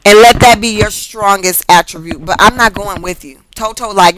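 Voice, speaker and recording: A woman's voice: medium pitch, normal speed, fairly bright tone, low-quality recording. Chatty, profane woman tarot reader. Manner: chatty and profane, laughing often and wandering off topic. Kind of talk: casual rambling tarot reading vlog.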